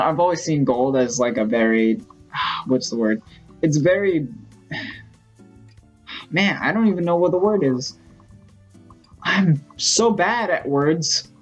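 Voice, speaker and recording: A man vlogging in a casual storytelling style, rambling and excitable, full of fillers. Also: a little high. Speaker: gaming vlogger.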